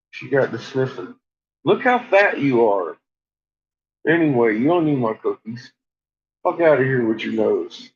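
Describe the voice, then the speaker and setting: Lively-voiced man cooing at his dogs. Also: mid-range voice, unhurried, long pauses, slightly rough, muffled recording. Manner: coos at his dogs, laughs often, swears freely. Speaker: vlogger. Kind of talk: casual late-night chat.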